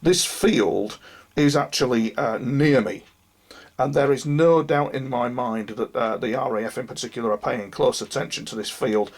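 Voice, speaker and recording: A UFO experiencer delivers a rambling monologue to camera, speaking earnestly about his experiences and addressing viewers directly. His mid-range male voice moves at a moderate pace, and he sounds unwell, as if losing his voice.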